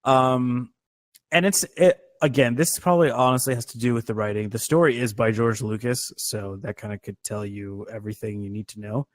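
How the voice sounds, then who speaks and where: A man's voice: medium pitch, steady tone, fairly quick, no room sound. A man co-hosting a movie podcast in casual chat, rambling with lots of fillers and swearing freely. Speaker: podcast co-host.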